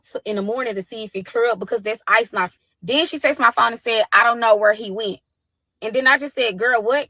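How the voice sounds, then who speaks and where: A woman telling a tense story about her daughter, quoting texts and calls in a fast, profane way. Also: fairly high pitch, a bit bright, dry recording, poor audio. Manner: fast, profane retelling with quoted dialogue. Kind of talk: animated storytelling.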